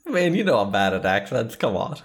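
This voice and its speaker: A man co-hosting a podcast in casual chat, with dry, deadpan humor. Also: medium pitch, a little fast. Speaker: podcast co-host.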